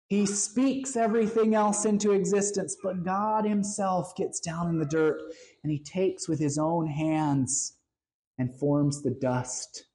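A woman preaches a sermon in an expressive way. She is mid-pitched for a woman and slows her delivery to linger on words. At moments she sinks into a hushed near-whisper. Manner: expressive, slows down for emphasis and drops to a hush.

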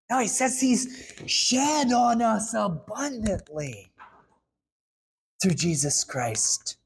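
A woman's voice: a little high, darkish tone, husky, poor audio. A woman preaching a sermon, earnestly acting out little dialogues between God and a timid asker.

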